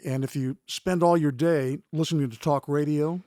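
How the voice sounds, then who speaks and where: A man's voice: on the high side, steady tone, dark tone, dry recording. Veteran male anchor, older, reflective interview answers, dry close mic. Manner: measured, reflective. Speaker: guest, longtime news anchor.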